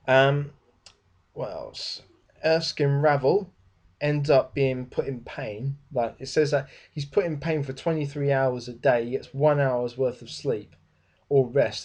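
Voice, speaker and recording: A man's voice: medium pitch, a little mellow. A young man talks through a book review. He rambles loosely, trails off, backtracks and starts again. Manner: rambling, with many fillers and restarts. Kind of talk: casual spoken book review.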